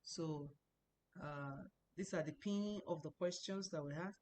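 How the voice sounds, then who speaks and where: A woman's voice: low-pitched, a little slow, a little mellow, slight background noise. A woman teaching an online language class, patiently repeating words and tones many times over, explaining as she goes. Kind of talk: online lesson. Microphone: computer mic, speaking to a screen.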